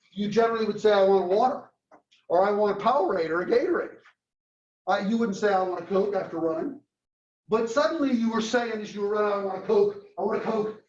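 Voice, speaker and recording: A man lecturing a marketing class, telling a story and acting out its dialogue in a lively way. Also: sits high. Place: lecture room. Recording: roomy, distant, dull classroom recording.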